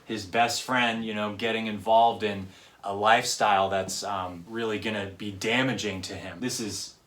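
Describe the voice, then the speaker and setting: A man's voice: lowish voice, fairly even intonation, moderate pace, fairly bright tone. A man reviewing music in casual commentary, chatty and analytical, often checking in with "right?".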